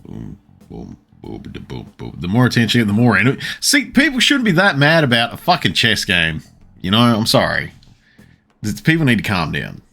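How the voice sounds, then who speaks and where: A man's voice: mid-range voice, huge pitch swings, a little fast, bright, forceful tone. A man streaming a game, rambling and joking crudely in casual commentary.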